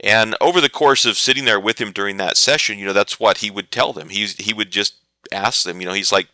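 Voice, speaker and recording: A lowish male voice with a very bright, forceful edge explains trading setups, answering viewer questions between anecdotes. The sound is dry and close, with no room around it. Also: a little fast, no room sound. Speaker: trading educator. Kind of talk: live webinar teaching.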